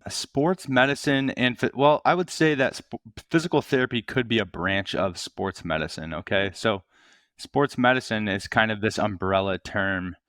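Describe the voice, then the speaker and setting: Man, physical therapist guest, lowish smooth voice, relaxed explaining, dry sound. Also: normal speed, no room sound. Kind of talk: casual podcast interview.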